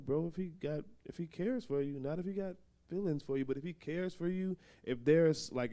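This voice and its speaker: A man's voice: medium pitch, mellow, smooth. A young man talking candidly and loosely in a panel discussion, laughing now and then.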